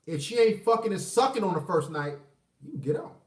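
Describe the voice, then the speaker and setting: A man tells a story casually, cursing freely and jumping from loud outbursts to low mutters. His pitch swoops widely. He sits away from the mic in a room with a roomy echo. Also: moderate pace, long pauses, distant mic. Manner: animated and profane, swinging between loud outbursts and low mutters. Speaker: vlogger telling a personal story.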